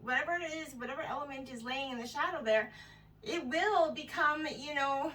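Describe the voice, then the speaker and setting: A woman's voice: sits high, normal speed, a bit bright, far from the mic, low-quality recording. A woman giving a casual tarot reading, a little out of breath, meandering and full of "you know" and "right?". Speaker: tarot reader.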